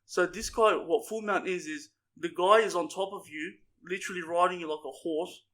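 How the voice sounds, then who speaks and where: A man's voice: sits high, steady tone, moderate pace, bright, forceful tone. A young man co-hosting a podcast, telling crude, profanity-heavy stories with a lot of laughing. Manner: swearing, rowdy, laughing storyteller. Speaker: podcast co-host. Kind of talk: casual storytelling chat.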